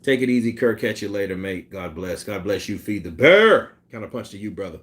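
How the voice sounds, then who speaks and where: A man with a lowish, slightly mellow voice talks fast while hosting a casual boxing livestream, reading chat and chatting loosely with swearing and laughter. He mimics punch sounds and quotes people in put-on voices.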